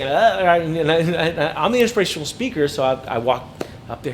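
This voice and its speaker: A man giving an inspirational talk to teachers, animated and acting out students' voices. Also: on the high side, fast talker, slight background noise. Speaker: inspirational speaker.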